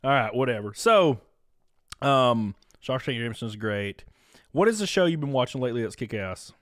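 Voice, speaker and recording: A man in his thirties hosting a casual streamed podcast, crude and excitable, laughing loudly and reading out chat messages. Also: mid-range voice, moderate pace, dry recording, clean studio sound. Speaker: streamer host.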